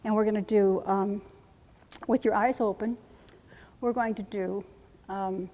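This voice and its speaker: A woman's voice: mid-range voice, fairly even intonation, dark tone, a little hiss or hum. Commanding woman coaching in a reverberant hall. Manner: brisk, commanding coaching with chanted repetitions. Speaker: workshop presenter. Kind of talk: live training demonstration. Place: conference room.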